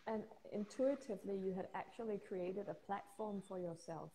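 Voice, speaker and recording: Woman, Danish first language, interviewer, mellow tone, searching for words, distant mic, faint noise. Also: medium pitch, moderate pace. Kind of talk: casual interview talk.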